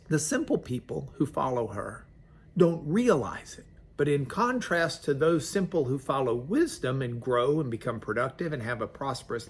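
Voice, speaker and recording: Folksy pastor, conversational devotional, mid pitch. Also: male voice, breathy edge. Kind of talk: devotional sermon.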